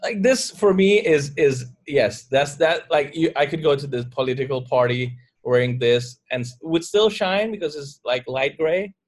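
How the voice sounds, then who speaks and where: A man's voice: fairly high pitch, lively intonation, normal speed, hardly any pauses. A man co-hosting a podcast in casual chat, rambling through jokey scenarios and swearing freely. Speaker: podcast co-host.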